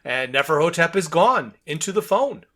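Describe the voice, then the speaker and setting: A man's voice: on the high side, very animated, normal speed, a bit bright. A man co-hosting a casual podcast, describing comic book panels, reading out dialogue and laughing often. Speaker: podcast co-host.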